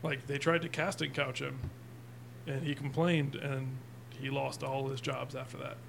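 A man's voice: mid-range voice, level tone, moderate pace, vocal fry, a bit bright, a little hiss or hum. A man co-hosting a casual podcast, dropping offhand quips and trivia. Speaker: podcast co-host. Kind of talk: casual chat.

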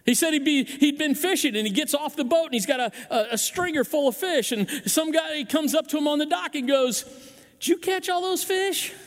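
Speaking at an extremely high pitch and fairly quickly, with hardly any pauses, a man preaches as pastor in a church sanctuary with a big-room sound. He tells stories in acted-out voices, often restarting and repeating his words.

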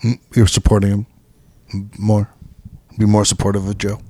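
A man's voice: on the low side, completely flat delivery, moderate pace, dark tone. A man co-hosting a podcast in casual chat, rambling and hesitant with many fillers. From Canada. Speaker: podcast co-host.

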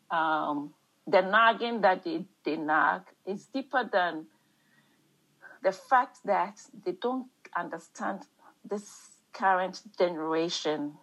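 A woman with an African accent leads a church Bible study discussion. She talks haltingly, repeating words and searching for the right ones, then reads scripture aloud. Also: deep voice, fairly bright tone, poor audio.

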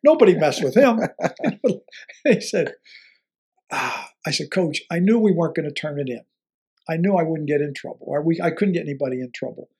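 An older man who used to coach football tells an interviewer a story with plenty of animation, voicing the characters and chuckling a lot. He speaks fairly quickly in a slightly high voice with a breathy edge.

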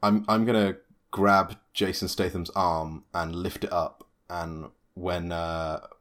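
A man playing a tabletop game, talking quickly and joking. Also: deep voice, flat delivery, fairly bright tone. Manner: quick and jokey. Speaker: player. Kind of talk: casual game chat.

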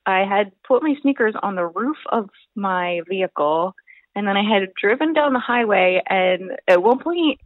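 A young woman telling stories about competition prep in a rambling, animated way, full of fillers. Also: mid-range voice, normal speed, no room sound. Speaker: bodybuilding competitor, podcast guest. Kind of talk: casual storytelling chat. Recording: thin phone-like line.

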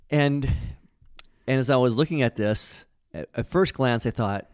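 A man's voice: medium pitch, normal speed. A man co-hosting a casual Bible study discussion, talking in an earnest, conversational way with frequent restarts.

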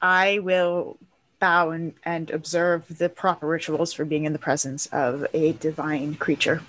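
A woman's voice: low voice, level tone, measured pace, a bit bright, dry recording, low-quality recording. A woman playing a tabletop game, speaking earnestly and a little hesitantly. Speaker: player.

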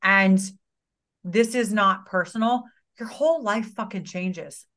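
A woman's voice: mid-range voice, slow, fairly bright tone. A woman guest in a casual chat, often chiming in with agreement and swearing casually. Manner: affirming, frequent short agreements, swears casually.

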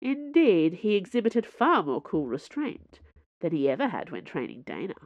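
A woman narrating a novel as an audiobook, in a measured, expressive reading. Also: fairly low pitch, no room sound, muffled recording. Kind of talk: scripted narration.

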